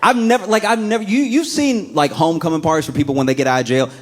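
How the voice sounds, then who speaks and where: A man performing a stand-up comedy set, telling stories animatedly and slipping into quick voices. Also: fairly high pitch, crowd noise, noisy background.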